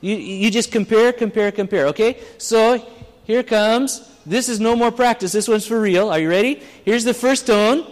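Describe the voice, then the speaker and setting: Guy preaching to a church crowd, chatty and plain, high voice, long hall echo. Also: normal speed. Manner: conversational, plain-spoken, with restarts. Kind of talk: sermon with audience exercise.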